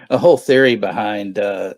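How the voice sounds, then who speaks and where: A man's voice: fairly low pitch, unhurried, no room sound. A man hosting a movie watch-party stream, chatting casually and joking with laughs between phrases. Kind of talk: casual livestream chat.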